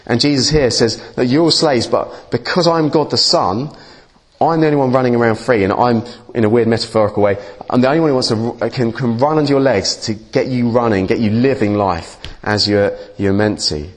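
A man's voice: mid-range voice, brisk. A man giving a conversational sermon as a preacher, informal and often restarting his words. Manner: informal, restarts and repeats words, lively asides.

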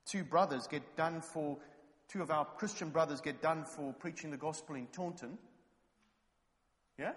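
A man from England preaches a sermon, moving between anecdote and passionate appeal. His voice sits a little high for a man and swells to loud, fervent calls. The sound carries a long reverb from a church hall. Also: moderate pace, long pauses. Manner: storytelling, rising to loud fervent exhortation.

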